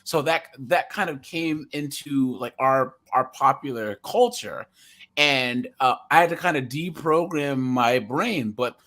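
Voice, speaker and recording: A man's voice: mid-range voice, unhurried, a bit bright. Californian guy hosting a podcast, kinda rambly, lots of ums and laughs. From US West Coast. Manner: rambling, chuckling, many fillers. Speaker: podcast host. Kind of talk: casual podcast chat.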